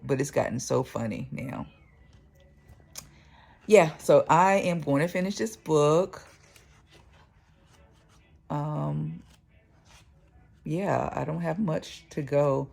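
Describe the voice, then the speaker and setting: Woman, book vlogger, casual chat to camera, gravelly fry, chatty, laughing. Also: low voice, slow, long pauses, darkish tone. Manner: chatty, laughs often, lots of fillers and "y'all".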